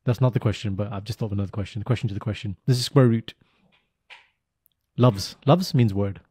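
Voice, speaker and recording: A man from the UK co-hosting a casual podcast chat, telling stories in an animated, teasing way. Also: fairly low pitch, brisk, breathy edge, no room sound, studio quality. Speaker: podcast co-host.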